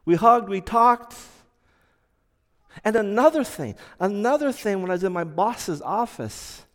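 A man giving a personal testimony, telling it slowly and earnestly, dropping to a hush and then rising loud. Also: high-pitched, animated, big-room sound. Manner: slow, earnest storytelling that swings from hushed to loud.

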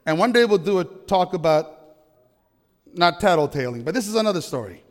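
Male pastor with a somewhat high voice, preaching emphatically in a church with long reverb. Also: expressive, brisk. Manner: emphatic, asks the congregation questions. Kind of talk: sermon.

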